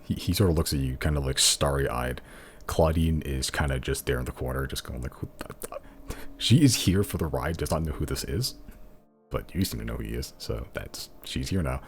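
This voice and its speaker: A man's voice: rumbling low, lively intonation, a little fast, creaky. A man narrating as game master of a tabletop game in a loose, rambling way. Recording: faint music behind.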